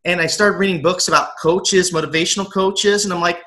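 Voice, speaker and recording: Male interview guest, earnest storyteller, slightly high with a forceful, bright tone. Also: steady tone, fairly quick, low-quality recording. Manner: earnest storyteller who acts out his younger self. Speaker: guest, aspiring motivational coach.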